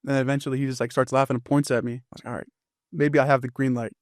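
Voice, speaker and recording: A young man who captains a football team tells stories in casual chat, talking fast and packing in fillers. His medium-pitched voice is flat, and the clean studio recording has no echo.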